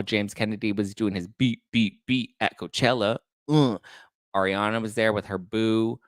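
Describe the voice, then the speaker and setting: A man hosting a casual celebrity gossip show, talking in a campy, shade-throwing way with quick asides. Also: on the low side, a bit bright, smooth, no echo, studio quality. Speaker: podcast host.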